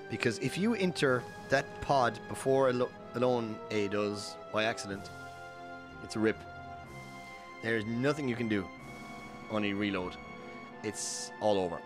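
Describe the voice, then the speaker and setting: An Irish man giving casual, rambling speedrun commentary over gameplay, full of fillers and self-corrections. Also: lowish voice. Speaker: streamer.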